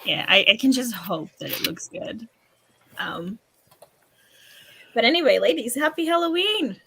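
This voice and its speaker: Bright chatty young woman. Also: mid-range voice, lively intonation, a little slow, gravelly, slightly rough. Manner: chatty, trailing off with fillers and giggles. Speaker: stream co-host. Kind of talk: casual group chat on a livestream.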